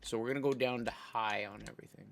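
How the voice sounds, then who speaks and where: A man's voice: mid-range voice, steady tone, quick pace, creaky, a little hiss or hum. A man from Italy, streaming a game and chatting casually about his play and the menus. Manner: chatty, explains things at length while navigating menus. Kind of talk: gameplay commentary.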